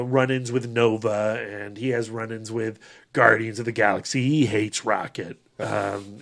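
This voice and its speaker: Podcast co-host, man, mid-pitch, eager rambling fan talk. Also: fairly bright tone. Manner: enthusiastic, rambling with restarts. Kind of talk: casual chat.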